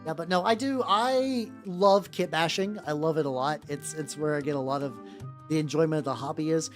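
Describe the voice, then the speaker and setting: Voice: medium pitch, fairly quick. A VTuber chatting casually while painting miniatures, rambling and profane, full of fillers and restarts. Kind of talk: casual live-stream chat while working. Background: faint background music.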